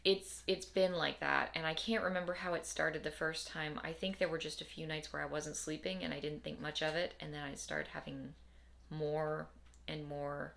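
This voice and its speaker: Low, gravelly-voiced woman vlogging casually. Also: steady tone, normal speed, a bit bright. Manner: rambling, repeats herself, wry and tired. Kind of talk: casual personal vlog.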